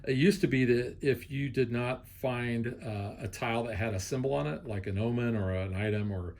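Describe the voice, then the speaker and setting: Relaxed middle-aged man explaining a board game. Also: medium pitch, normal speed. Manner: relaxed, explanatory, filler-heavy. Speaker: board game reviewer, father. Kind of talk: casual game review chat.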